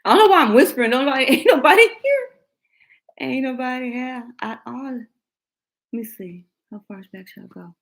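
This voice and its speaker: A woman's voice: high-pitched, lively intonation, moderate pace, a bit bright, poor audio. A woman in her later years, hosting a tarot livestream and chatting loosely with her viewers. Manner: chatty, rambling, laughs often, talks to viewers. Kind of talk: casual livestream chat.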